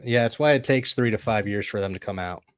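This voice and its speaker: A man's voice: on the low side, fast, no echo, clean studio sound. A man co-hosting a casual comic review chat, laid-back and teasing, cracking jokes at the other host.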